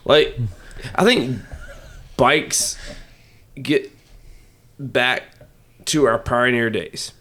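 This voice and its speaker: A man's voice: mid-range voice, drawn-out words, long pauses, a bit bright. A man with a Cajun accent chatting casually as a podcast guest, rambling and losing his train of thought. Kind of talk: casual drunk chat.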